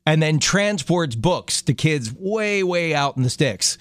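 A man's voice: a little high, lively intonation, a little slow, no echo. A middle-aged man co-hosting a casual chat show, telling stories in a chatty way with light laughs. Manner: chatty storyteller, light laughs, frequent restarts. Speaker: co-host.

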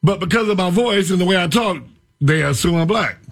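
A man hosting a radio talk show, rambling and animated as he tells stories. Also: sits high, brisk, vocal fry. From Florida. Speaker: radio host.

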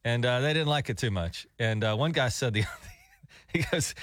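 A young adult man co-hosting morning radio, chatty and quick to laugh, speaking into a studio microphone. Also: medium pitch, animated, a bit bright, no room sound. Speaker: radio show co-host.

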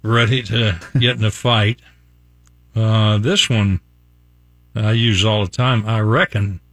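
A man's voice: lowish voice, fairly even intonation, takes it slowly, a bit bright, no room sound. An older man from West Virginia hosting a casual morning radio show, folksy and chuckling as he reads out examples. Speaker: radio host. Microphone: studio microphone.

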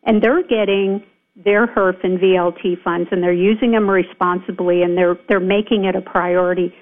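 A woman's voice: fairly low pitch, steady tone, moderate pace. A woman county supervisor calling in to a radio show, speaking emphatically and with indignation, with frequent fillers. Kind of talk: radio call-in interview. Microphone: telephone. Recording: phone line.

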